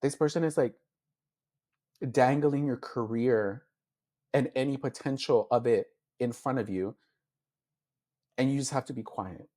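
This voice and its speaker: A man at mid pitch, talking openly and with feeling in a long interview answer. He fills his speech with "like" and acts out what he thought back then, always in his own voice. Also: unhurried, long pauses, warm tone. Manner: heartfelt, filler-heavy, acts out his own past thoughts. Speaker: interview guest, beauty influencer. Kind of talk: candid emotional interview.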